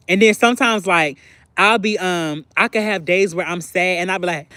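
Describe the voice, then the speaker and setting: A young man talking candidly on a livestream, confiding and expressive, acting out bits of phone conversations and often clearing his throat. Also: high voice, moderate pace, no echo. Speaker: livestream host. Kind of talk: candid personal livestream chat.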